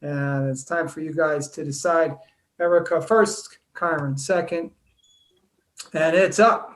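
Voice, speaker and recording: A man's voice: on the high side, fairly even intonation, slow pace, a bit bright. A man hosting an online comedy contest in an easygoing, chatty way. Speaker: host.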